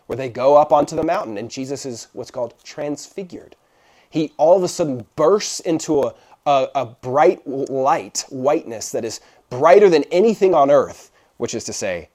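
A man's voice: medium pitch, lively intonation, moderate pace, a little mellow. A young man preaching a casual sermon, checking in with his listeners often as he explains. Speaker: pastor. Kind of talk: conversational sermon.

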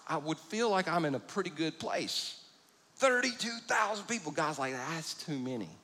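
A man's voice: medium pitch, a bit bright. A middle-aged man preaching a sermon, telling stories with self-deprecating humor. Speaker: pastor. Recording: long reverb of a large hall.

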